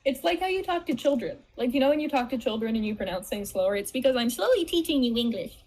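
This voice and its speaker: A woman's voice: on the high side, animated, quick pace, darkish tone. Teasing young woman streamer. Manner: teasing, playful banter. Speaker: streamer co-host. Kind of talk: casual chat while playing a game.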